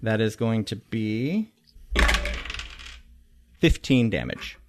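A man's voice: fairly low pitch, takes it slowly, heavy background noise. A man running a tabletop game as game master, calling out rolls and damage. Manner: lively, animated, calls out rolls and damage.

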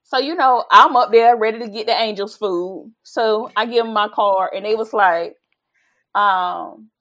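A woman co-hosting a casual podcast chat, telling stories in an expressive, playful and dramatic way. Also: medium pitch, unhurried. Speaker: podcast co-host.

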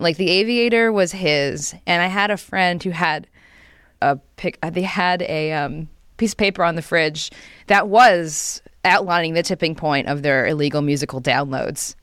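A young woman co-hosting a podcast, chatting casually and telling animated stories, acting out quotes with quick laughs. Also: fairly low pitch, clean tone, no echo, clean studio sound. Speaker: podcast co-host. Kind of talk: casual chat.

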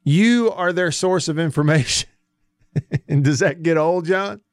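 Southern male sports radio host, folksy, slightly high voice, dry studio sound. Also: unhurried, no room sound. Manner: chatty, folksy, reads listener texts aloud. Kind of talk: casual sports talk radio. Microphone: studio mic.

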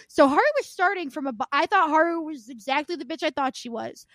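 A woman co-hosting a podcast who chats casually about video games, telling stories in an animated, profane way. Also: high-pitched, fast, dry recording. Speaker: podcast co-host. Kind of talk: casual video game chat.

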